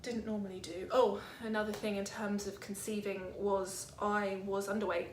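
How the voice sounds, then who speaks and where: A woman's voice: medium pitch, flat delivery, moderate pace, a little hiss or hum. Rambling young British woman, echoey room. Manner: rambling, hesitant, lots of ums. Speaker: vlogger. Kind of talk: casual chat to camera.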